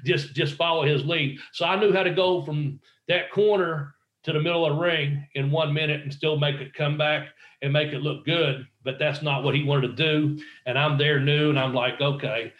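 A man's voice: fairly high pitch, fairly even intonation, moderate pace, few pauses, lo-fi sound. Profane storytelling man in echoey room. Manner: profane, rambling anecdotes with acted-out quotes. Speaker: guest, former pro wrestler. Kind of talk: casual storytelling interview.

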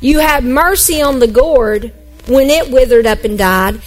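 A middle-aged woman pastor preaching a sermon, reading scripture and acting out the characters with animated storytelling. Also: high-pitched, measured pace, low-quality recording. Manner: animated storytelling, acts out grumpy Jonah.

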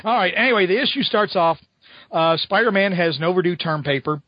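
A man's voice: high voice, a little fast, dry recording, highs cut off. A man co-hosting a podcast, casually recapping a comic book with rambling, amused storytelling. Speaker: podcast co-host.

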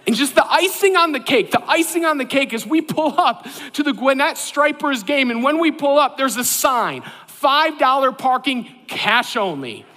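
A man, a pastor, preaching a sermon and telling a self-deprecating personal story in an animated way. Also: very high voice, moderate pace, few pauses. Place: church sanctuary. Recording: long hall reverb.

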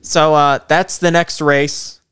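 A man's voice: on the high side, level tone, takes it slowly, fairly bright tone, clean tone, no echo, clean studio sound. A man co-hosting a podcast, chatting casually, rambling a bit and laughing easily. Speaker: podcast co-host. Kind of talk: casual chat.

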